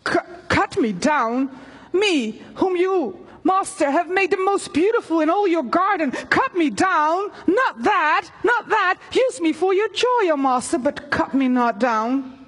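A woman voicing a proud, gentle female bamboo tree who pleads with her master in a storybook tale read aloud. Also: fairly high pitch, unhurried, slightly rough, in a large hall. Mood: pleading.

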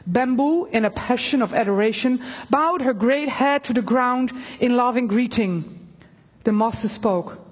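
Woman preacher, earnest sermon, husky voice, long hall reverb. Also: on the high side. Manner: earnest, halting with fillers. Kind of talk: sermon with a story read aloud.

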